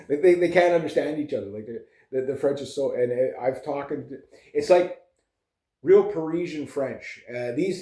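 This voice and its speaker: A man's voice: medium pitch, warm tone. Rambling man in a roomy space. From Canada. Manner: rambling, digressive, many fillers and restarts. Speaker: vlogger and musician. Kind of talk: casual rambling chat.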